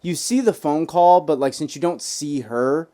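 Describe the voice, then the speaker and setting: A man co-hosting a podcast in loose, casual chat, swearing freely and slipping into quick voices to quote people. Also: fairly high pitch, mellow. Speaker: podcast co-host.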